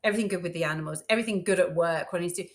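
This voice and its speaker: A middle-aged woman with a fairly low voice talks very fast as a podcast guest. She chats casually and tells stories, acting out little quotes along the way.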